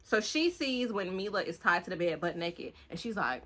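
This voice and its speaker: A young woman, giving a rambling, casual book review full of swearing and acted-out lines. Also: mid-range voice. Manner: animated, swearing, acts out the characters' lines in quick bursts. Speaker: book vlogger.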